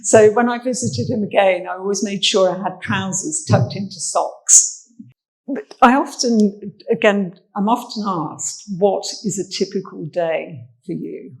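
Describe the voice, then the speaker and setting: English woman, social history researcher, gravelly voice, chatty anecdotal storytelling, medium pitch. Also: unhurried, darkish tone, poor audio. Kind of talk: armchair talk presenting photos. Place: indoor talk venue.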